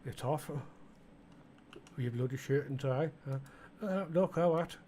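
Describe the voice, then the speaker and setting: This medium-pitched, dark-toned male voice moves a little slowly, with a faint hiss or hum on the recording. He's a middle-aged gaming channel host from the East Midlands of England, doing a casual let's-play where he chats rambling to the game's customers, full of fillers.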